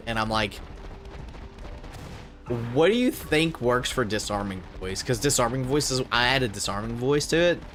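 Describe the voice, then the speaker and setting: A man chatting casually on a game stream, thinking aloud with lots of fillers and letting his phrases trail off quietly. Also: mid-range voice. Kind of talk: casual gaming livestream chat.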